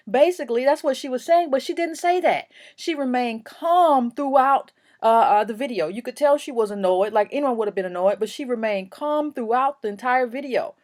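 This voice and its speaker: Emphatic higher-voiced woman commentator. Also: moderate pace, few pauses, darkish tone. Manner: emphatic and indignant, many fillers and restarts. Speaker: commentary vlog host. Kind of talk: opinion commentary to camera.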